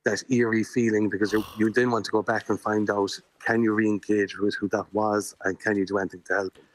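A man's voice: lowish voice, flat delivery, fairly quick. An Irish man being interviewed in a radio studio as a paranormal investigator, explaining at length in an earnest, chatty way.

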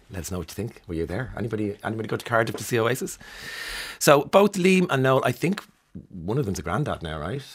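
A man's voice: lowish voice, breathy edge. A man hosting a morning radio show, chatting wryly through the day's news stories and laughing as he goes. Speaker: radio host.

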